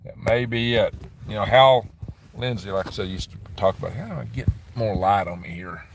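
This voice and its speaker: A man's voice: on the low side, vocal fry, a little hiss or hum. A middle-aged man hosting a casual live stream from a dim room on his property, rambling as he answers viewer comments. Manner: rambling, chatty, answers comments with quick laughs. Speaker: livestream host reading viewer chat.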